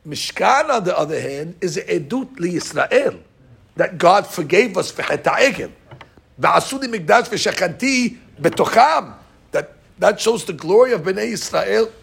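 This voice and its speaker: High-pitched gravelly guy giving a torah class, acts out every quote. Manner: animated, acts out quoted dialogue with rising pitch. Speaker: rabbi teaching Torah. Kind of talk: Torah lesson.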